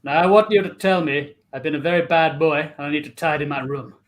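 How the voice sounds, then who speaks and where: A man's voice: a little high, fast talker. A man performing an improvised comedy scene, talking in a bossy, insistent way.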